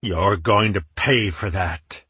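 An arrogant swordsman villain who jeers and growls threats, played by a male narrator. His voice sits low with a husky grain. The recording is dry and close. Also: moderate pace, a bit bright, no room sound, full character voice. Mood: menacing. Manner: jeering, menacing.

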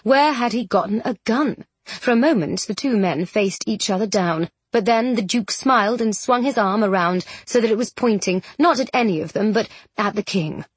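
A woman narrating a story with a wry, even delivery. Her voice is a little breathy, and the recording is dry with no room sound. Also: medium pitch, moderate pace, no room sound. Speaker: audiobook narrator. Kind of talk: scripted narration.

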